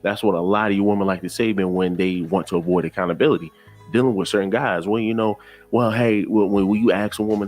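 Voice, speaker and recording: Very low-voiced man, exasperated reaction commentator, faint music under. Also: steady tone, quick pace, darkish tone. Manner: exasperated, lecturing, repeats himself.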